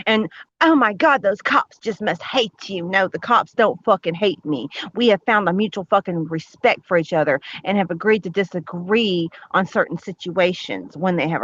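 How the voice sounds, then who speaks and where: A woman's voice: medium pitch, a bit bright. A woman ranting bluntly and profanely on a livestream, combative and defiant. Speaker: livestream host. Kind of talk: angry livestream rant. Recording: dull lo-fi livestream audio.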